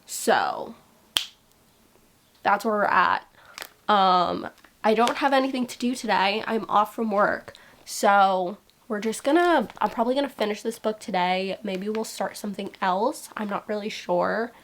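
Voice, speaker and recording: A young adult woman chatting casually in a book vlog, gushing and excitable and saying "like" a lot. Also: mid-range voice, moderate pace. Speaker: book vlogger. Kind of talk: casual reading vlog chat.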